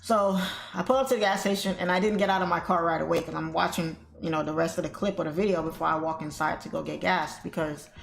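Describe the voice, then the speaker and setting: Talking fast in a steady, lowish voice with vocal fry, a woman hosting a trading stream tells a story to her viewers. She's chatty and calls them "y'all" and "guys," and the room echoes with faint music behind her.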